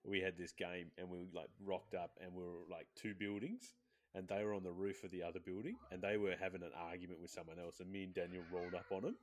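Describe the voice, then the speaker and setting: A man chatting casually on a podcast, telling animated stories and acting out quotes in high voices. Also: fast. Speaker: podcast co-host. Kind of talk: casual gaming chat.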